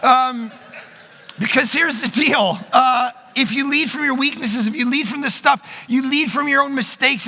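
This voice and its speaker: A man preaching at a conference in a large hall, telling quick, joking, self-deprecating stories. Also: extremely high pitch, creaky, sharp tone. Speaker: pastor. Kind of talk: conference sermon. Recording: long hall reverb.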